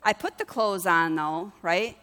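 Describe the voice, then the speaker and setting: A woman's voice: fairly low pitch, a little slow, pushed and bright. Chatty woman pastor in echoing hall. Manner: chatty, conversational, asks the congregation questions. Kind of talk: sermon with personal stories.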